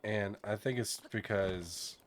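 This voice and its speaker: A low, deep-voiced man speaks with a soft Southern Texan accent. He chats in a relaxed, soft-spoken way, with a gentle lilt, as he streams a game. A faint hiss of noise sits under his voice. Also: slow. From northern Texas. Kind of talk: relaxed casual chat while gaming.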